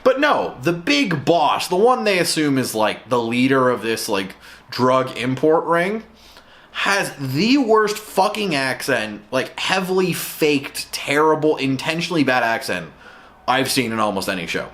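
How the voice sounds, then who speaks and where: A man's voice: mid-range voice, sing-song, unhurried, fairly bright tone. Exasperated man ranting in a review. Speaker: show reviewer.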